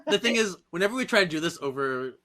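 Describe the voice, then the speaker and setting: A man's voice: fairly high pitch, lively intonation, quick pace, pushed and bright. A man co-hosting a podcast, recapping comic panels in a casual, laughing way. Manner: laughs often, walks through panels. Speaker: podcast co-host. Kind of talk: casual comic book discussion.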